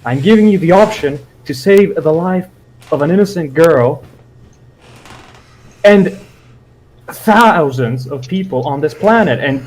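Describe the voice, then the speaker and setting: A man's voice: on the high side, expressive, measured pace, pauses often, a little mellow, low-quality recording. A man playing a tabletop game, stern and commanding when he speaks as his character. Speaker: player.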